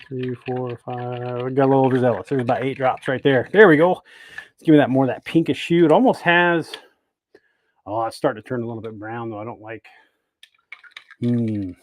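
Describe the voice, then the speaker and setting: A man's voice: medium pitch, a little hiss or hum. Chatty man hosting a workbench livestream. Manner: chatty, greets viewers by name between steps. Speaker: host of a bait-making livestream. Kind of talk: casual livestream demo talk. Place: indoor workshop.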